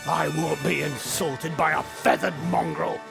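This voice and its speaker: Pompous grumpy big fella in a game, gravelly, kinda high, slow. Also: male voice, level tone, over music. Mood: indignant. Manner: blustering, indignant. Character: gruff, pompous heavyset man, short-tempered.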